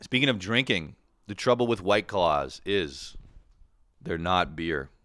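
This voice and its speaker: Brief: young male podcast host, low voice, dry close mic, profane rants, laughs a lot. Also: expressive, a little slow, sharp tone, no echo. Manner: profane, laughing, mocking impressions. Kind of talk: casual solo podcast rant.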